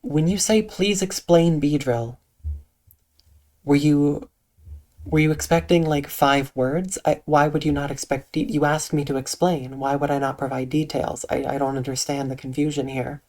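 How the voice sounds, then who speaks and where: A streamer chatting calmly and softly with viewers on a live stream, using eloquent diction and a dry, deadpan delivery. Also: medium pitch, normal speed. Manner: soft, calm tone with eloquent diction. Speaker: Twitch streamer. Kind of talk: casual livestream chat reading out viewer comments.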